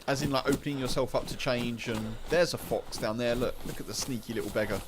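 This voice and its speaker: British streamer, male, mid-pitched, chatty rambling commentary over heavy game noise. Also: fast talker. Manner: rambling, chatty, repeats and restarts phrases. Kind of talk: live gameplay commentary. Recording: loud game sounds behind voice.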